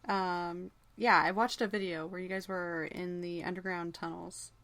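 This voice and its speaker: Woman radio host, lowish voice, heard from a distance with crowd noise behind. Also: steady tone, normal speed. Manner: brief encouraging interjections. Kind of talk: interview hosting.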